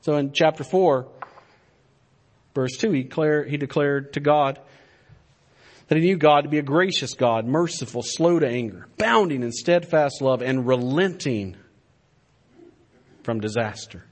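A man's voice: fairly high pitch, a little slow, long pauses. A man preaching a sermon in an earnest, emphatic manner. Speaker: pastor.

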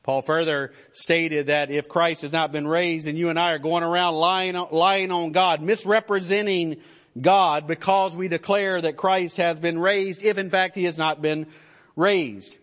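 A man's voice: a little high, steady tone, a little slow, a bit bright. A man preaching a sermon as pastor, in an emphatic style that builds to stressed declarations.

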